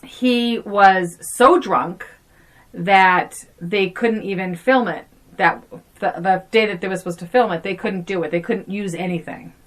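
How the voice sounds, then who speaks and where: A woman's voice: mid-range voice, a little slow. A woman co-hosting a podcast, chatting casually, agreeing readily and asking her friend questions. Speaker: podcast co-host. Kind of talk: casual chat.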